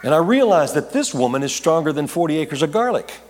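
Animated male preacher in a reverberant hall. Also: fairly high pitch, a little fast, some chatter behind, slight background noise. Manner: animated, rambling with repeated restarts, jokey asides. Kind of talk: storytelling sermon. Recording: long reverb of a large hall.

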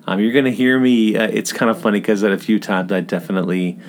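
A man's voice: lowish voice, fast talker. A middle-aged man from the American South with a Southern accent, hosting a podcast in a chatty, rambling way with frequent fillers. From Southern United States. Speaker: podcast host. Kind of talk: casual podcast monologue.

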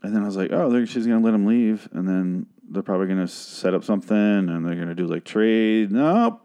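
A man's voice: lowish voice, steady tone, fairly quick, mellow, clear, resonant tone. A man hosting a podcast, recapping a TV episode in a rambling, sarcastic, profane way. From Phoenix, Arizona, USA. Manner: rambling, sarcastic, swears a lot. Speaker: podcast host.

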